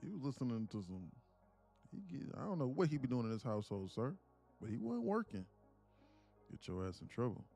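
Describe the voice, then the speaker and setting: A man's voice: medium pitch, very animated, fast talker, warm tone, faint music behind. A man, a live-stream day trader, chatting casually and profanely, joking and reading viewers' comments aloud. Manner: joking, profane, slangy, reads chat aloud.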